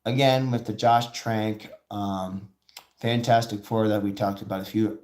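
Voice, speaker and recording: A man hosting a live show, talking in rambling, excitable casual commentary and acting out quoted voices as he goes. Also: on the low side, unhurried.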